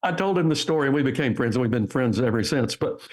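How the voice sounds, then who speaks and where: A man's voice: medium pitch, fast. An older man, a guest author, telling stories in a podcast interview and acting out the people he quotes. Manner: animated storyteller, acts out quotes. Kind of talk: interview storytelling.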